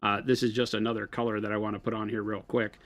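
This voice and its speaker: A man co-hosting a live painting stream, trading teasing banter and then giving relaxed, step-by-step explanations with plenty of fillers. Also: on the low side, fast.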